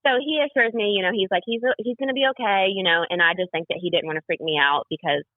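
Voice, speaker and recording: A young woman recounts a personal story as a podcast guest, rambling with fillers and playing out the dialogue. Her voice sits at a mid pitch for a woman. It comes through tinny and dry, like a phone line. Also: fast, dry recording. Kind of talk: personal story told in a casual interview.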